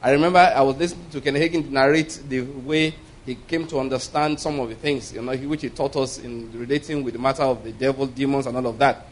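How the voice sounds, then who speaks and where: A man's voice: medium pitch, fairly even intonation, quick pace, rough recording. Emphatic man preaching a sermon. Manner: emphatic, storytelling, chuckles often.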